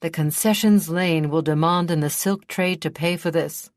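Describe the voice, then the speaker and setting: A woman's voice: deep voice, fairly even intonation, moderate pace, dry recording, natural voice. A woman voicing a drawling, wry desert prince. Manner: drawling, dry.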